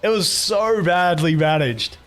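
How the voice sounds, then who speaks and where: With faint music behind him, a young streamer speaks a little slowly in a high, slightly bright voice. He chats casually with viewers, swearing a lot and telling rambling stories full of restarts.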